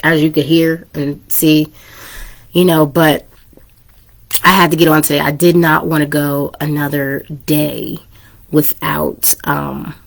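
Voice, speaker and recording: A chatty woman hosts her podcast in a frank, conversational way, laughing easily. Her voice has a gravelly fry, and she sounds a bit under the weather. She keeps her level low on a turned-down microphone. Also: level tone, slow. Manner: chatty, candid, laughs often. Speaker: podcast host. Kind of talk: casual chat.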